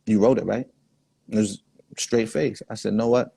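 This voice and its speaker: A man's voice: on the low side, fairly even intonation, normal speed, gravelly, dark tone, breathy edge, no echo. A man, the guest in a casual interview, telling laid-back stories full of quoted dialogue. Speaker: guest artist.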